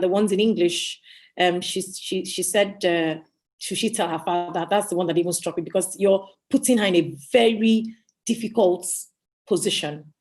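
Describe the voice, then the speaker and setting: A woman's voice: medium pitch, darkish tone. A woman hosting a live online talk show, chatty and handing questions to her guests. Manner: chatty, asks guests for opinions. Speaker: host.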